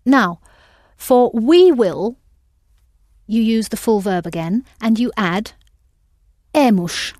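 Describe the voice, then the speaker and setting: A woman's voice: a little high, animated, slow pace, pauses often, a little mellow, dry recording, clean studio sound. Patient woman teaching a language class. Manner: patient, prompting and correcting students. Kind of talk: audio language lesson.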